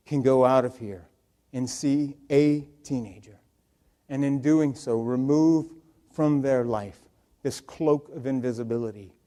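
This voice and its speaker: Earnest man giving a storytelling talk. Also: fairly high pitch. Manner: earnest, swings from loud to hushed. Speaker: public speaker.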